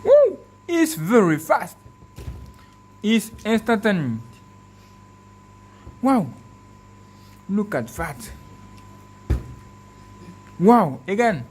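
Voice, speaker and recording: Excitable man whooping at a phone demo. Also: high voice, very slow, pauses often, slightly rough. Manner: speaks in short repeated commands. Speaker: tech video host.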